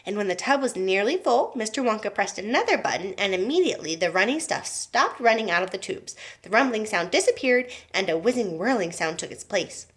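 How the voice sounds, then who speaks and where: A woman teacher reading a children's book aloud to young students, in an expressive storytelling manner. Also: mid-range voice, a little fast, hardly any pauses.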